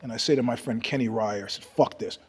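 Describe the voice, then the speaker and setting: An older man with a husky, slightly breathy voice tells profane stories in a casual interview. He swings between loud, animated bursts and low, hushed asides. The room carries a long reverb behind him. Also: fast talker. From New York. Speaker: guest storyteller.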